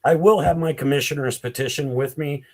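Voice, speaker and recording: A man's voice: a little high, fairly quick. A man speaking as a guest and commissioner candidate on a video call, brief and encouraging. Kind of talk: casual online discussion.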